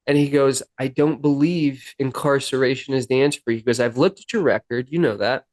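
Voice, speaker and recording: An earnest man tells a personal story in a sit-down interview, acting out the back-and-forth dialogue as he goes. His voice has a middling pitch and a dry, close sound with no room around it. At times he sounds close to tears. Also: fast talker, few pauses, a little mellow, no echo. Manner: earnest, emotional retelling with quoted dialogue. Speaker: podcast guest, musician.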